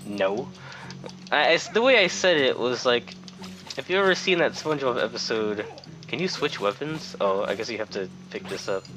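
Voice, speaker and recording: A man's voice: mid-range voice, pushed and bright. A young man casually commenting on a game he is playing while telling a rambling story, swearing freely and sounding exasperated. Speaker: gameplay commentator. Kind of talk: casual let's-play storytelling.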